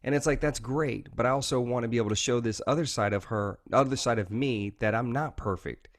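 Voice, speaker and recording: A man speaks earnestly and openly as an interview guest, frequently saying "man" and "you know" in candid conversation. His voice is medium-pitched and fairly quick.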